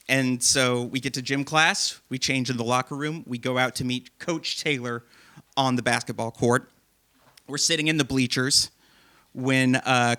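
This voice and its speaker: A man hosting a live comedy show, telling a self-deprecating story to an audience in a theater. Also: mid-range voice. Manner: self-deprecating, animated, laughing at himself. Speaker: host and storyteller.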